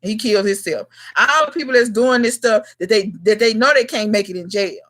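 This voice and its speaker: Casual livestream host, woman, 30s, mid-pitched, blunt and slangy, speaks straight to viewers. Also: fairly quick, fairly bright tone. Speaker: gardening channel host.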